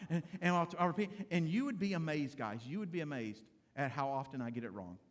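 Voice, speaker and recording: A middle-aged pastor with a high voice preaches in a church sanctuary. He talks straight to his congregation, conversational and joking. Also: expressive, quick pace. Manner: conversational, humorous preaching addressing the congregation directly. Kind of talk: sermon.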